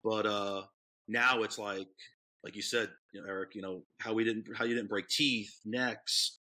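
A man's voice: fairly low pitch, fairly even intonation, moderate pace, sharp tone. A man in his thirties with a New York accent, a police dog handler telling stories in a rambling, casual way full of fillers. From Orlando, Florida. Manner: rambling, many fillers and restarts. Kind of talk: casual storytelling interview.

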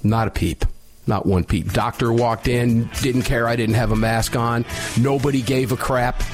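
A middle-aged man hosting a talk radio show, telling a story loudly and emphatically with a sinus infection. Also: medium pitch, fairly even intonation, normal speed, soft background music.

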